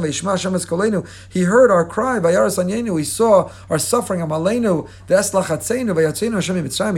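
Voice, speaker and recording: Animated man giving a Torah class. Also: fairly high pitch, vocal fry, husky. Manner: animated, expressive, with humorous asides to listeners; chants Hebrew verses, then translates them. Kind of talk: lively Torah lecture.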